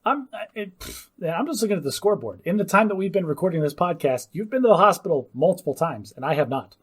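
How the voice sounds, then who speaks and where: A man co-hosting a podcast in casual chat. He teases his co-host in a playful way and rushes through some phrases. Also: high-pitched, sing-song, slightly rough. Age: adult.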